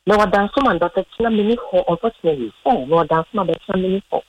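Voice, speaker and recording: A woman's voice: mid-range voice, racing, dull audio, a crowd in the background. A woman with a Ghanaian accent calling in to a radio show, answering politely and briefly. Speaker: caller. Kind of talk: phone-in chat, English and Twi mix.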